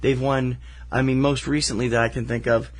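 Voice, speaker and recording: A man's voice: medium pitch, little pitch movement, brisk. A man co-hosting a casual film podcast, wry and teasing, rambling with fillers as he runs through festival titles. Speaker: podcast co-host.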